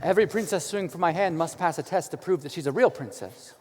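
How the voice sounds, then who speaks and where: A woman's voice: on the low side, quick pace, darkish tone, a little hiss or hum, lightly acted. A woman playing an earnest, lovestruck young prince in a live stage musical, pleading and eager. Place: theater stage. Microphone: far camera.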